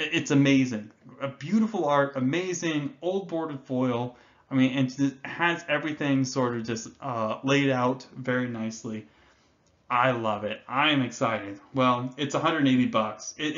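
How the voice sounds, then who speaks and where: A man hosting a card game finance video, talking excitedly and rambling, with casual swearing and many restarts. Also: medium pitch, dull audio.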